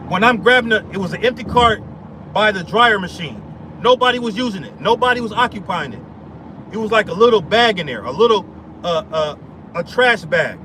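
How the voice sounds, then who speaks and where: A man tells a story in a heated, rambling way. He stumbles and repeats himself often. Traffic hums loudly behind him outdoors. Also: high voice. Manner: heated, repetitive, restarts and stammers. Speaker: vlogger. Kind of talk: casual storytelling rant.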